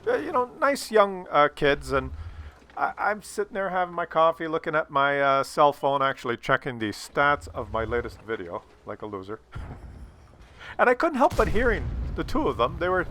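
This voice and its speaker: An older man rants over gameplay in a rambling, sarcastic storytelling voice, swearing freely. His voice sits fairly high and swings lively up and down. The tone is bright and edgy. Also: normal speed, slight background noise. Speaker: gaming YouTuber.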